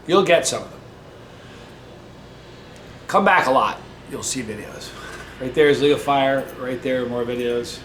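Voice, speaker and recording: A man's voice: medium pitch, moderate pace, pauses often, fairly bright tone. Chatty man in an echoey room. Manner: joking, chatty storyteller. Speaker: vlog host. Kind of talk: casual talk to camera. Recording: roomy echo with faint noise.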